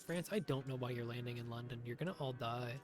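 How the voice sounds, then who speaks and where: A man's voice: medium pitch, fast, over music. A man doing live commentary on his own strategy game, talking to himself in a sarcastic, swearing way. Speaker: streamer.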